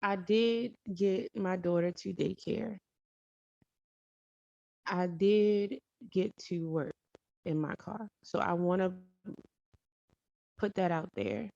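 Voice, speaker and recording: A woman's voice: lowish voice, slow, vocal fry, pauses often, a little mellow, no room sound. A woman telling a personal story in a casual, rambling way, correcting herself and adding emphatic asides. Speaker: storytelling vlogger. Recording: dull lo-fi dry recording.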